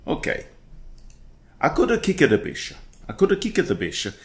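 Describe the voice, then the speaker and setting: A man coaches chess with casual, playful commentary on a game, chatting away and throwing in silly impressions. He talks briskly in a slightly high voice whose pitch swoops wildly.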